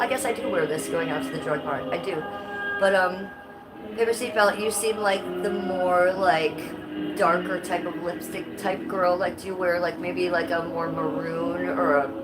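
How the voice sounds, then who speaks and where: A woman's voice: on the low side, rough recording. A middle-aged woman chatting casually on a livestream from her living room, blunt and given to swearing. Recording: music playing clearly behind.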